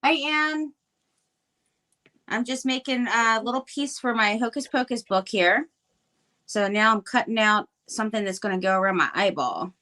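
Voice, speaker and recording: A woman's voice: medium pitch, moderate pace, bright, forceful tone. A middle-aged woman chatting casually while she crafts live, rambling with many fillers and restarts. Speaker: crafting livestream guest.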